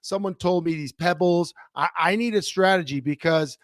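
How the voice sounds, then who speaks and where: A middle-aged man co-hosting a podcast, telling a long story in a rambling, animated way with many restarts. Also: high voice, normal speed, no room sound, studio quality. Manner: animated, rambling, self-interrupting. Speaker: podcast co-host. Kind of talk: casual storytelling chat.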